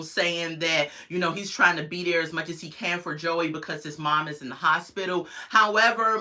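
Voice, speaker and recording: Chatty woman with a bright, forceful voice. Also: on the low side. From United States. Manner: chatty, opinionated, talks to viewers in chat. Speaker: reality show reviewer hosting a livestream. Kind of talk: casual livestream review.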